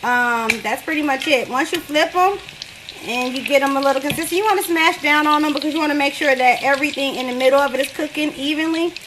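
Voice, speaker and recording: Woman, high voice, home kitchen, chatty cooking steps. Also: fast talker, noisy background. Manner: relaxed, chatty step-by-step instructions. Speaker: cooking show host. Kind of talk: casual cooking demonstration.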